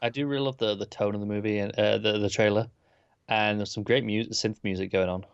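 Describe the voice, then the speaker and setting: A man's voice: fairly low pitch, fairly even intonation, fairly quick, vocal fry, clean tone, no echo, muffled recording. A laid-back man co-hosting a podcast, chiming in casually about movie trailers with short replies. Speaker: podcast co-host.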